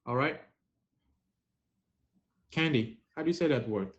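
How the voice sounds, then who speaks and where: Running a live-stream French pronunciation quiz, this male host speaks at a measured pace in a medium-pitched, expressive voice. He playfully teases each player he calls on. The audio, taken from the stream app, sounds dull and lo-fi.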